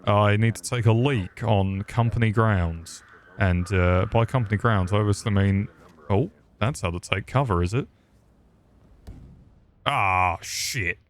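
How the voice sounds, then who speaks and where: A man's voice: on the low side, a little slow. Joking man playing a game. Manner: crude joking banter, rambling. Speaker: gaming commentator. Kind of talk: comedic let's-play commentary.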